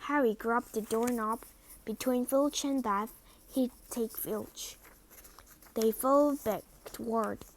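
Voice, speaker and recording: A woman reading a storybook aloud, carefully and at times in a whisper. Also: a little high. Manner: slow, careful, sometimes whispered. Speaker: reader.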